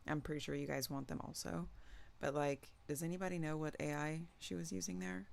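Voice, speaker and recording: Gravelly-voiced reaction host. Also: female voice, deep voice, a little fast. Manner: animated, incredulous, talks straight to chat. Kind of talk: casual reaction commentary.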